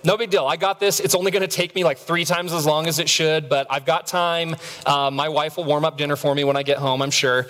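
Animated preacher in a big echoing hall. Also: male voice, fairly high pitch, brisk, few pauses. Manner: animated storytelling, self-mocking humor, stammered repeats. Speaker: pastor. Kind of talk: sermon. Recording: long reverb of a large hall.

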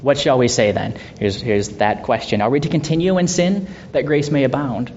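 A man leading a Bible study in a conversational way, asking rhetorical questions and laughing softly now and then. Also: normal speed. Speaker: Bible teacher. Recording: dull lo-fi sound with faint rumble.

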